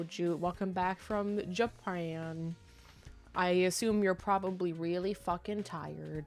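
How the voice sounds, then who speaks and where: Crude, joking woman streamer. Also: lowish voice. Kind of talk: casual gaming commentary.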